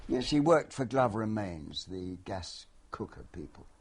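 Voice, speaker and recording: A man's voice: fairly low pitch, big pitch swings, moderate pace. A man in his eighties from London, a veteran actor answering interview questions in a wry, hesitant way with many restarts. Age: 80s.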